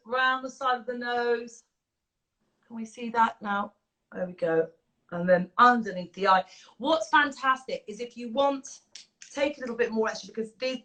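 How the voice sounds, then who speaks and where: Effusive, bright-voiced Englishwoman. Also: fairly high pitch, low-quality recording. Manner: effusive, gushing, chatty with many fillers. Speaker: makeup artist and beauty brand founder. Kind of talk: casual chat with makeup demonstration.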